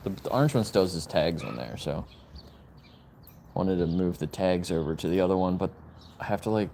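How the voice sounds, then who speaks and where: A man's voice: lively intonation, a little fast, gravelly, heavy background noise. Chatty man talking to his dogs outdoors. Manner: chatty, switches to high sing-song baby talk for the dogs. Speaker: vlogger. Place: outdoor yard.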